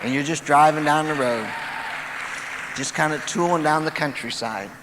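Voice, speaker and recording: A man's voice: on the high side, moderate pace, crowd noise, noisy background. A man giving a folksy motivational talk on stage, telling jokes and stories to an auditorium audience. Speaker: motivational speaker. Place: large auditorium. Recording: distant, echoey live hall recording.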